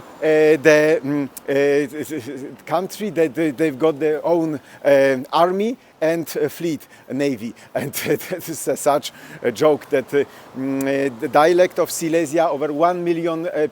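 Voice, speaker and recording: A man, a Polish speaker, leads a live walking tour through town streets, filming as he goes. His English comes in broken, hesitant bursts with a Polish accent, full of restarts and searching for words. His pitch sits in the middle of the male range. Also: a little mellow, a little hiss or hum. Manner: hesitant, halting non-native English with many restarts. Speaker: tour guide.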